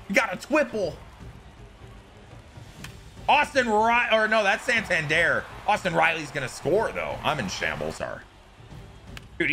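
Young man, gaming commentary, lively swooping pitch, bright tone, faint music behind, hyped and groaning. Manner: hyped, swings between shouting and groaning. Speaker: gaming YouTuber. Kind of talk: excited gameplay commentary.

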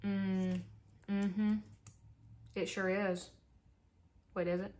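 A woman's voice: medium pitch, little pitch movement, extremely slow, a little mellow. A young adult woman doing a casual makeup vlog, chatty and dramatic with playful exaggeration, talking close to the camera at home. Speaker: beauty vlogger.

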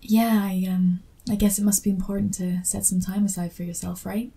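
A woman with a medium-pitched, level, slightly fast voice that's creaky and mellow with a breathy edge. In a whispered role-play, she plays an awkward young female fan meeting her favorite author, chattering in a flustered, self-deprecating, apologetic way.

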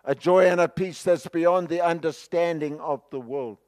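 A man preaching a sermon with impassioned, dramatic swings between loud outbursts and hushed passages, with a South African accent. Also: on the high side, normal speed.

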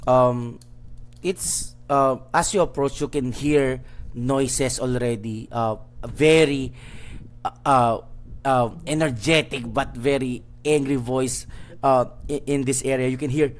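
A man running a tabletop game as game master, narrating haltingly with many fillers. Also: medium pitch, fairly even intonation.

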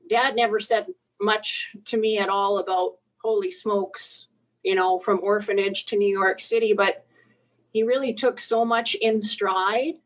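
Woman remembering her dad, talks slow, thoughtful, a bit choked up. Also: mid-range voice, poor audio. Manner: slow, reflective, emotional. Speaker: interview guest. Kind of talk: casual interview recollection.

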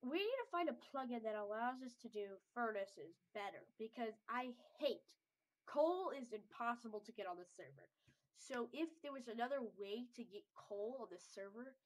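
A congested woman with a voice pitched a little high, chatting casually over gameplay. She rambles and thinks aloud as she builds. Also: low-quality recording. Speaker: server owner playing a game.

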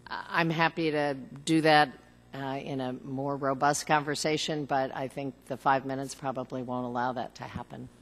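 A woman serving as a cabinet secretary, giving formal testimony at a hearing in a measured, earnest way with frequent fillers. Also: extremely low pitch, steady tone, big-room sound. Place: large hearing room.

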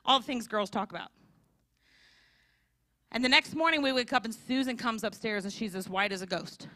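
A woman giving a storytelling sermon at a church conference, animated and acting out the people in her story. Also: fairly high pitch, normal speed, long pauses, a little hiss or hum. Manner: animated, acts out characters' voices. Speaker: conference speaker. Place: church hall.

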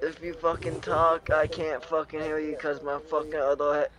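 A man's voice: fairly high pitch, completely flat delivery, moderate pace, crowd noise. A young man in casual gaming chat, laid-back and swearing a lot, talking into a headset. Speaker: gamer.

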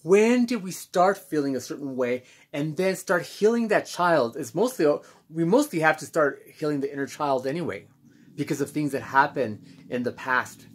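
A man speaking candidly as host of his own self-help channel, reflective and halting with many pauses and restarts. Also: on the high side, lively intonation, breathy edge. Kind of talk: candid personal monologue.

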